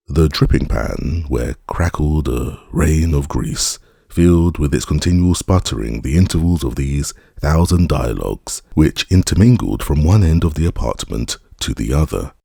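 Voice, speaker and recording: A man reading a classic novel aloud as an audiobook narrator, in a measured, unhurried way. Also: extremely low pitch, vocal fry, dark tone, slightly rough, dry recording, clean studio sound.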